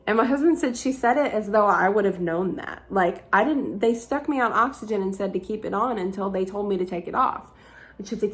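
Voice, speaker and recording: Young woman rambling through a story, lots of "like"s, some swearing, gravelly fry in her voice. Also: mid-range voice, fairly quick. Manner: chatty, frequent "like" fillers, swearing. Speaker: vlogger. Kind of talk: casual storytelling.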